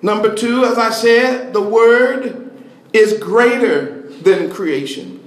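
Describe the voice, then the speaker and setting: High-voiced preacher in a booming hall. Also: male voice. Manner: slow, rhythmic preaching cadence with drawn-out words and shouts. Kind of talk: sermon. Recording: echoey hall, mic at a distance.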